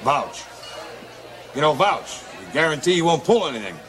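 An actor playing a gruff backstage doorman who barks curt orders. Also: on the high side, sing-song, normal speed, a bit bright, a faint crowd.

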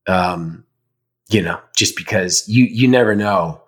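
A man's voice: deep voice, a little slow. A man in casual chat answering fan questions, rambling and candid, swearing now and then. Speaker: podcast host, actor.

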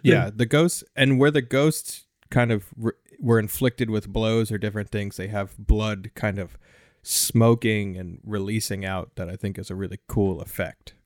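Male podcast host, lower register, dry booth sound, relaxed plot recapper. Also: normal speed, hardly any pauses, dry recording. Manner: relaxed, summarizing the plot with light jokes. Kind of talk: casual film discussion podcast.

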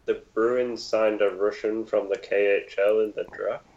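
A man co-hosting a podcast, chiming in with quick remarks in casual chat. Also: fairly low pitch, level tone, a little mellow, lo-fi sound. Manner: quick interjections. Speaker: podcast co-host.

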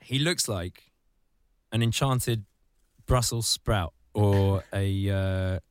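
Animated ranting man, dry close mic. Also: slow pace, clean tone, dry recording. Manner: animated ranting, mocking voices in sudden high squeals. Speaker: podcast host. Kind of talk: casual comedic podcast chat.

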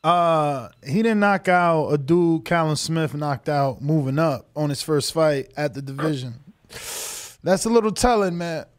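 A man hosting a boxing call-in show, challenging the caller with rapid questions. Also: a little high, no echo, clean studio sound. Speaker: podcast host taking calls.

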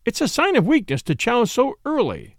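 A bossy, opinionated middle-aged gossip who lectures everyone at the table, as a male reader puts her on. Her voice sits high and swoops widely in pitch. The reading is close and dry. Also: huge pitch swings, normal speed, no room sound, exaggerated voice. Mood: scolding. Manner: insistent, lecturing.

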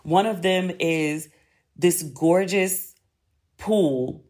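A woman's voice: fairly low pitch, drawn-out words. Chatty woman telling a story. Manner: chatty and expressive, swears freely, uses "like" often. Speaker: podcast host. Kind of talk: casual storytelling monologue.

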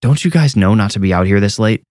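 A man's voice: on the low side, animated, fast, darkish tone, no echo, studio quality, natural voice. A man voicing a blunt, tough dad. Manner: blunt, urgent. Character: blunt tough father protecting his daughter.

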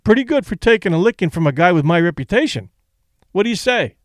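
A man's voice: sits high, animated, fast talker, no room sound, clean studio sound. A man reading aloud and voicing a brash, cocky young boxer who talks in a breezy, mocking way.

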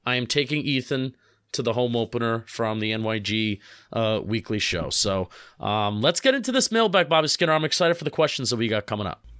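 A young man from New Jersey with a mid-range voice, co-hosting a sports podcast. He talks in an upbeat, excited way and rushes through his asides. The recording is dry and close to the mic. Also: medium pitch, clear, resonant tone, dry recording. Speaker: podcast co-host. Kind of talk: casual sports podcast chat.

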